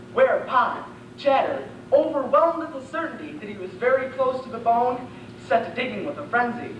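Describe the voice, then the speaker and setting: Young man, fairy-tale narration, theatrical, high voice, echoey room, distant camera. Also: expressive, moderate pace, dull audio, background noise. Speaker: student competitor. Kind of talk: storybook narration in a comic interpretation.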